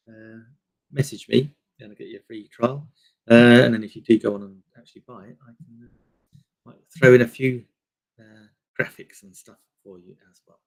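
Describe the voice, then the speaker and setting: A man's voice: medium pitch, gravelly, a little mellow, breathy edge. A man hosting a casual live stream, rambling through products with lots of fillers into a desk microphone. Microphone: desk microphone on a table stand.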